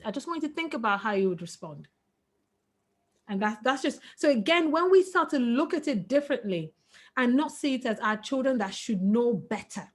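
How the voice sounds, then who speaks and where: A middle-aged woman, a webinar guest speaker, giving parenting advice in an earnest, emphatic way. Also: a little high. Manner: earnest, emphatic, breaks into laughter.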